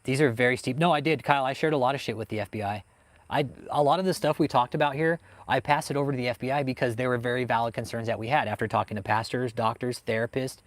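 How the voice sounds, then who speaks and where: A man with a mid-range voice and fairly even intonation talks quickly, recorded with no room sound. He hosts a livestream about cults, ranting heatedly, swearing nonstop, and reading and answering chat.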